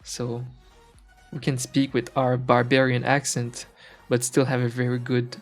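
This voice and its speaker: Man, relaxed stream chatter, hunts for words, lots of "uh" and restarts, mid-pitched, faint music behind. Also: measured pace. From French-speaking Canada. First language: French. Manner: rambling, searches for words, frequent fillers and restarts. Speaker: art streamer. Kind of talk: casual chat while drawing on stream.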